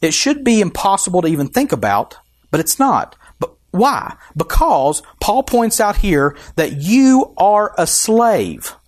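A man's voice: sits high, very animated, measured pace. Emphatic male pastor preaching. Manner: emphatic, asks the congregation questions. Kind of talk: sermon.

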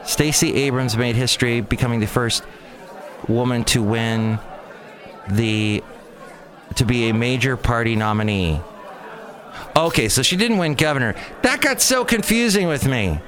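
A man hosting a talk show tells stories in a relaxed, chatty way, tossing in mocking asides. His pitch swings widely as he goes. A faint murmur of people sits behind him. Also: unhurried, pauses often, crowd noise. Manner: animated storytelling, mocking asides. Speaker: host. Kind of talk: casual chat.

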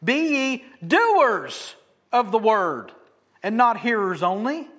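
A man's voice: high-pitched, very animated, slow. A man preaching a sermon in a conversational, joking way, hitting some words hard and dropping others to near whispers. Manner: emphatic, swinging between loud stresses and soft asides. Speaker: pastor.

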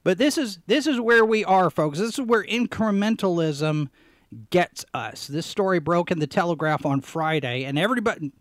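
A man's voice: high voice, animated, moderate pace, dry recording. A man hosting a live podcast show, talking casually about the news, rambling and repeating phrases for emphasis with plenty of fillers. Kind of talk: casual live-stream commentary.

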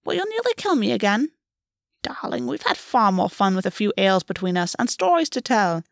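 A woman voicing a brash, clawed fae queen who mocks warmly and swears freely. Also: medium pitch, sing-song, a little fast, creaky, no room sound, studio quality. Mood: playful menace. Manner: mocking yet warm, swears freely. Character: brash, teasing female fae queen, a clawed bird shifter.

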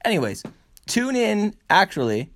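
A man's voice: high voice, very animated, unhurried, a bit bright. A man co-hosting a podcast in playful, joking casual chat, laughing often. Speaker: podcast co-host.

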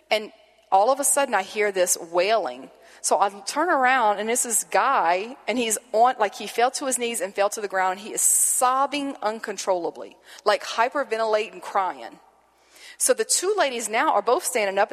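A woman pastor telling a lively personal story in a sermon, acting out the dialogue as she goes. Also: a little high, a little fast. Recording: long reverb of a hall.

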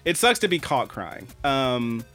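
A man co-hosting a podcast, telling a story in casual chat, animated and swearing freely. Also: medium pitch, measured pace, faint music behind. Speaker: podcast co-host.

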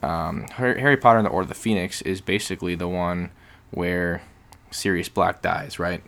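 A man with a very low, gravelly voice hosts a casual podcast chat. He explains things in long, rambling turns and slips in jokes as he goes. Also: steady tone, normal speed, a bit bright. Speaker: podcast host.

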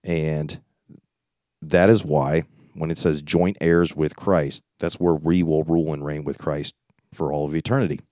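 A man leads a Bible study, reading scripture aloud and pausing often to comment in a loose, conversational way. His voice sits very low and mellow, with a dry, close sound. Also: fairly even intonation, dry recording. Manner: reads scripture aloud then comments informally; conversational, with frequent restarts and asides. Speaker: preacher.

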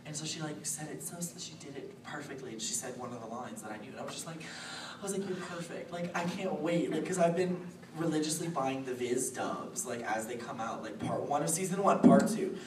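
A woman in her late twenties chats on a convention panel, full of giggles and filler words. Her pitch swoops up and down as she talks. She is recorded from far away in an echoey room with steady noise behind her. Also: fairly quick, few pauses. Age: late 20s. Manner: bubbly, giggly, lots of "like". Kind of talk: casual panel chat.

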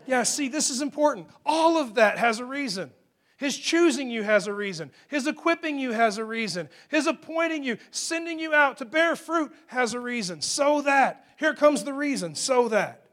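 With lively intonation at a normal speed, a high-voiced pastor addresses his congregation in a church hall. His sermon moves between conversational talk, forceful climaxes and hushed asides.

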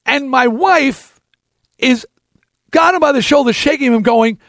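Host, male, 60s: high, gravelly, lively storyteller who rants and acts out every character, dry close sound. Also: unhurried, dry recording. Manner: ranting, acts out other people's lines. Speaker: podcast host telling a story. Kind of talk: animated storytelling.

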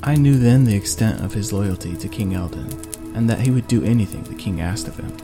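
A man narrating a first-person fantasy audiobook in a steady, even manner. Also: on the low side, brisk, vocal fry, music in the background.

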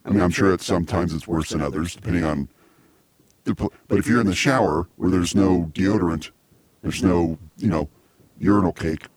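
Deep-voiced man hosting a comedy podcast. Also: a little fast, darkish tone, slightly rough, dry recording. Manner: chatty, laughs easily, rambling. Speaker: podcast host. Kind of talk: casual comedy chat.

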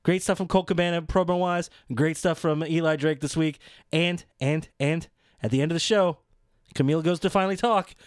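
A man co-hosting a casual chat about wrestling, excitable and rambling, often laughing as he talks. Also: a little high, a little fast, clear, resonant tone, no room sound, clean studio sound. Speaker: podcast co-host.

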